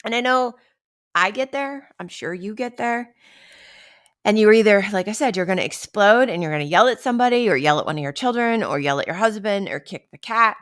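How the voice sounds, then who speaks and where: A woman's voice: medium pitch, expressive, fairly quick. A woman hosting a podcast in a casual, conversational way, acting out everyday stress scenes and often asking "right?". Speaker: podcast host. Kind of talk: casual wellness talk.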